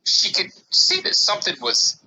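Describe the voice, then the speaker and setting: A man co-hosting a casual podcast talks in a bright, sharp, somewhat high voice that swings widely in pitch. He rambles through his story with restarts and fillers. He bursts into loud reenactments of his own panicked words. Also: moderate pace, a little hiss or hum, low-quality recording. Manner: animated, acts out his own panicked quotes loudly. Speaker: podcast co-host.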